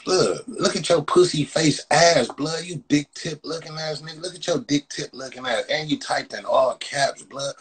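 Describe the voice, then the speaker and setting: A man hosting a phone livestream, loudly roasting and mocking his viewers with profane banter, tagging "blood" onto nearly every phrase. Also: on the high side, moderate pace, hardly any pauses, slightly rough, low-quality recording. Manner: loud, mocking, repeats "blood" constantly. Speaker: livestream host. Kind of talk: profane Instagram live roast.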